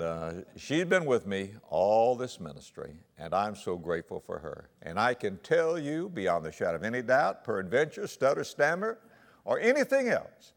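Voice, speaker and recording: A man preaching a sermon to fellow pastors, telling stories with jokes and booming emphasis. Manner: animated storyteller with jokes. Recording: long hall reverb.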